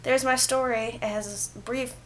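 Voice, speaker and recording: A young woman with a fairly high voice tells a story straight to camera. She rambles in a loose, chatty way, with filler words everywhere. She perks up with animated energy as the story builds. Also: normal speed, a little hiss or hum. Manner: chatty, filler-heavy with frequent "like"; animated when retelling. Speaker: vlogger. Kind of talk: casual storytelling vlog.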